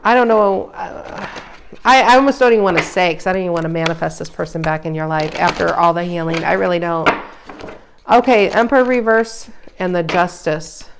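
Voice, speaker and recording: A woman giving a casual tarot reading, emphatic and animated, her voice rising loud and dropping soft. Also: fairly low pitch, moderate pace, creaky, background noise. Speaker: tarot reader.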